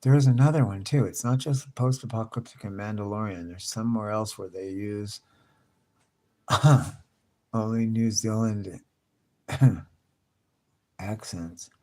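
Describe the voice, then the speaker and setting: A man with a slightly low voice rambles through a casual live stream. His talk is loose and profane, full of slang, and he keeps tossing in "dude". He speaks as a relaxed host chatting with his viewers. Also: unhurried, long pauses. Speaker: livestream host.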